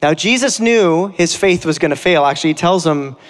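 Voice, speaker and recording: A pastor delivers a sermon in an earnest, conversational way, slowing into dramatic readings of scripture. His voice sits a little high for a man. The sound rings with the long reverb of a large hall. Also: animated.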